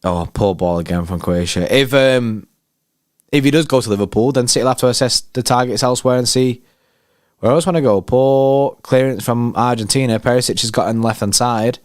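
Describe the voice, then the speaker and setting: Here the same kind of host speaks in a mid-range voice at a slightly quick clip, recorded dry and close. He's a man running a fan channel, commenting live on the match, excitable, full of slang and trading banter with chat in a resonant tone.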